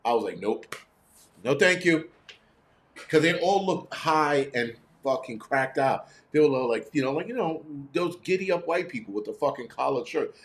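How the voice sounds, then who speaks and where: Middle-aged male host, profane sarcastic rant to live chat, average pitch. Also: expressive, moderate pace, few pauses.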